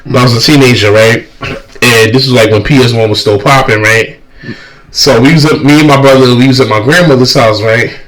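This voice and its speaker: A man co-hosting a podcast in casual chat, a lively storyteller who keeps checking in with "right?". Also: medium pitch, brisk, far from the mic, poor audio. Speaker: podcast co-host.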